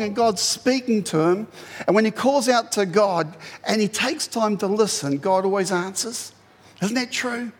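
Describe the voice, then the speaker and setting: A man preaches a sermon with a high, bright-sounding voice, retelling the story in an animated way and breaking into loud acted-out quotes. His voice rings with a long reverb from the hall he is speaking in. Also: a little slow. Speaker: pastor.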